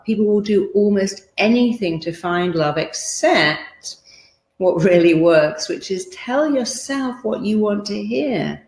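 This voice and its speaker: A woman's voice: medium pitch, a little slow, darkish tone. A middle-aged woman giving an emphatic motivational talk, acting out quoted voices as she coaches. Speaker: therapist and motivational speaker. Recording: roomy echo.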